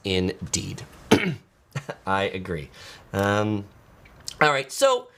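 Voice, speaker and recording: A man's voice: low voice, big pitch swings, extremely slow, vocal fry, pauses often, a bit bright. A man talks through his trip in a loose, conversational stream. He trips over his own sentences, fills gaps with "uh" and "like", and stops to answer viewer comments. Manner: chatty, many fillers and restarts, reads viewer comments. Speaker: travel vlogger. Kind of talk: casual live-stream chat.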